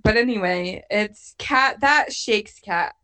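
A woman's voice: mid-range voice, takes it slowly, sharp tone. A young woman co-hosting a podcast in casual chat, talking in loose, filler-filled sentences and laughing often. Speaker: podcast co-host recapping a TV show.

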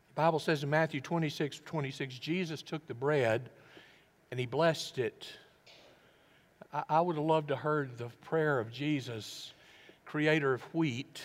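Earnest male pastor in a reverberant hall. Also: a little high. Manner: reflective, earnest, often drops to a hush. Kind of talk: sermon. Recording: long reverb of a large hall.

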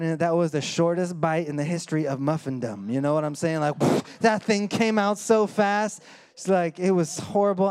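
A pastor, likely in his thirties or forties, preaching and telling a story, acting out voices and dropping low and quiet for serious points. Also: clean tone. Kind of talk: sermon with storytelling.

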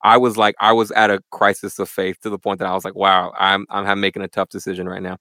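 A young man chatting casually as a guest in a church interview, animated and full of slang. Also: low voice, quick pace, dry recording. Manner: animated, slangy, says "bro" a lot. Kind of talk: casual chat.

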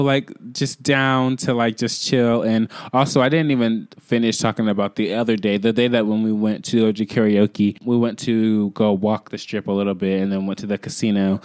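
Young male podcast host, low-ish voice, chatty and rambling, dry close mic. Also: darkish tone, no room sound. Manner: chatty and rambling, quick bursts, frequent "like" fillers. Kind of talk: casual storytelling monologue.

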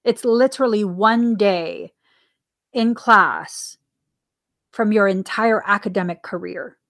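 A woman's voice: mid-range voice, slow, a bit bright. A woman hosting a spiritual podcast, musing earnestly about her own life, asking herself questions and laughing often. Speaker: podcast host. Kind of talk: reflective spiritual talk.

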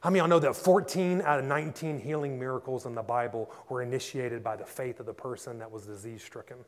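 A man, a pastor, preaching a passionate sermon and telling stories that build to loud peaks. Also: mid-range voice, quick pace. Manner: passionate storytelling, rising to shouts in climaxes. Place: church. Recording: echoey church hall.

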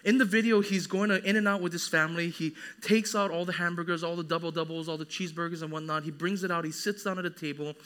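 Casual. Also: male voice, a little high, quick pace, few pauses, clear, resonant tone. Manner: animated preaching with dramatic quoted voices. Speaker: pastor. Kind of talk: sermon.

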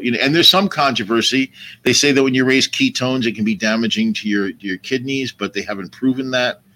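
A man's voice: fairly low pitch, pushed and bright, slight background noise. A man in his sixties, a cooking show host who chats easily and explains things patiently as a guest. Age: 60s. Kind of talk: casual chat.

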